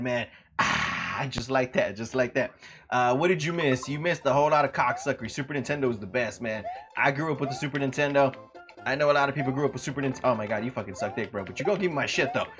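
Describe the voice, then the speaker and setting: A man streaming a game with a wildly animated voice that swings into loud, high yelps, cursing at the game and greeting viewers by name. His talk is casual and full of trash talk. Faint music plays underneath. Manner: loud sudden outbursts jumping high in pitch. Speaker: livestreamer. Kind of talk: casual gaming livestream commentary.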